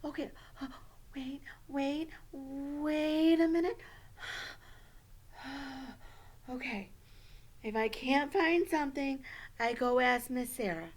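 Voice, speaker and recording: A woman's voice: sits high, slow, pauses often. Woman playing an anxious, stammering schoolgirl puppet. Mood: flustered. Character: young schoolgirl puppet, anxious but eager. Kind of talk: children's puppet show.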